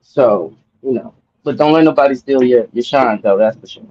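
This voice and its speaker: A man co-hosting a podcast in casual chat, expressive and quick to laugh. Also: medium pitch, a little hiss or hum. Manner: expressive, laughs often, drawling asides. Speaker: podcast co-host. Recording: dull lo-fi audio.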